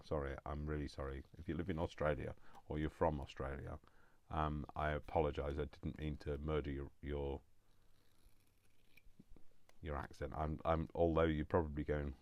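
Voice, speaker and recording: A man's voice: very deep voice, steady tone, normal speed, a little mellow. A man chatting casually to himself as he makes crafts, rambling with jokey asides. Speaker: craft channel host.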